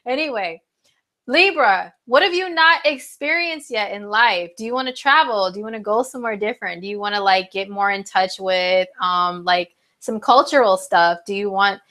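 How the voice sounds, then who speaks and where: A young woman hosts a loose live horoscope stream, speaking into her phone. She is chatty and full of fillers, drifting into asides to her viewers at a middle pitch. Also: moderate pace, sharp tone. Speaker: astrology livestream host. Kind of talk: casual live horoscope reading.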